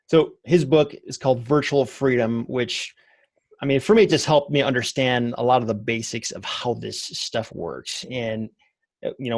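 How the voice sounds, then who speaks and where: Male host in his thirties, casual and chatty, mid pitch, dry studio sound. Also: no room sound. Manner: conversational, loose with fillers like "like". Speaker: podcast host. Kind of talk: casual interview chat.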